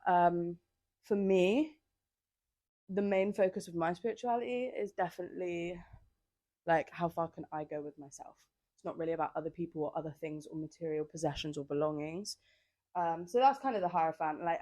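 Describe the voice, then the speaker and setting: Young woman, casual solo podcaster, rambly and sassy, lowish voice, dry close sound. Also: fairly quick, a little mellow, no echo. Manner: chatty, rambling, filler-heavy, sassy asides. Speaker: podcast host. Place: outdoors on holiday by the sea. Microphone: handheld microphone.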